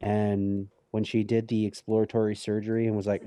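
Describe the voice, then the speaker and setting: A man's voice: fairly low pitch, fairly even intonation, normal speed, dark tone, dry recording. A man cracking sardonic jokes while telling a hospital story in a casual stream chat. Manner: sardonic, joking. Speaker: stream co-host.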